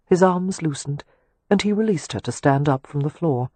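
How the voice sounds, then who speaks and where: Breathy man narrating a romance audiobook. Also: fairly high pitch, animated, moderate pace, warm tone, no echo. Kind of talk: scripted narration.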